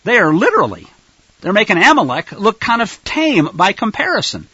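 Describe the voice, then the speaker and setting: A man preaching in an animated, rhetorical style, addressing listeners as folks, on a dull lo-fi recording. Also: high voice, moderate pace, husky, no echo. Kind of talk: sermon-style Bible teaching.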